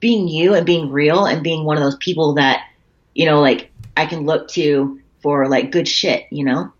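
A woman's voice: sits low, normal speed. Chatty swearing woman on lo-fi call audio. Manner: chatty storyteller, frequent swearing and fillers. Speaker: podcast guest, bodybuilder. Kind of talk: casual podcast chat. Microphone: computer call setup.

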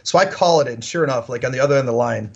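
A man, a podcast guest, telling animated stories with lots of "like" fillers. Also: mid-range voice, racing, vocal fry, slightly rough, muffled recording. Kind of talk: casual storytelling.

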